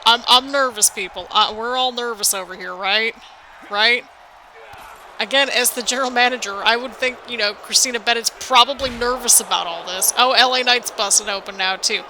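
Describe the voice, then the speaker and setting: A woman giving excited, anxious play-by-play commentary over a wrestling video game, exclaiming often and talking to viewers as "people". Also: fairly high pitch, normal speed, slight background noise, low-quality recording. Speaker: gaming video host.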